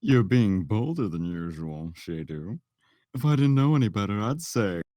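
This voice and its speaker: A woman voicing a cursed crocodile-headed dog creature with a sultry, slow, taunting female voice. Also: extremely low pitch, expressive, mellow, dry recording, pitched below the performer's own voice.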